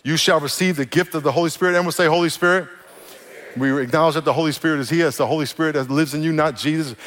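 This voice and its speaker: High-voiced pastor preaching in a reverberant hall. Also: male voice. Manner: energetic, joking, leads congregation call-and-response. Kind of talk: sermon. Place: church auditorium. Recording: long reverb of a church hall.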